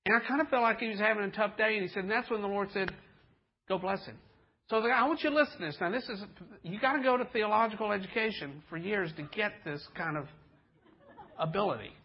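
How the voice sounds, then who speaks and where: A man with a high, husky voice preaches in a loose storytelling way, cracking jokes and slipping into the voices of the people he describes. The sound is a little dull and muffled. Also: quick pace. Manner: folksy and joking, acts out voices in stories. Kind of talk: storytelling sermon.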